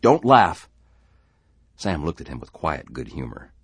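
A man reading a story aloud in a dramatic, expressive way. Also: very deep voice, brisk, husky, no echo. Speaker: narrator.

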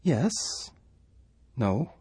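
A man's voice: mid-range voice, big pitch swings, very slow, dark tone, breathy edge, dry recording, voice pushed up, heavily acted. A man voicing a farm wife who answers in a hesitant, dismissive way. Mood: doubtful. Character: calm skeptical farm wife.

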